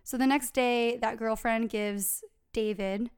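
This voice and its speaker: A young woman chats her way through a true crime story on a podcast, full of fillers and asides. Her voice sits a little high and comes through smooth and clear. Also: fairly even intonation, slow. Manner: chatty storytelling with many fillers.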